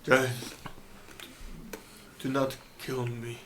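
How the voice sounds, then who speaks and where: A man voicing a frightened captured male gang thug, speaking halting broken English with a heavy put-on Japanese accent. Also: medium pitch, monotone, a bit bright. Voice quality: halting, broken phrases with many hesitations.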